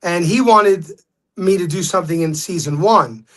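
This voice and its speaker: A man, a guest telling stories in a casual interview, animated when quoting others. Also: high voice, moderate pace.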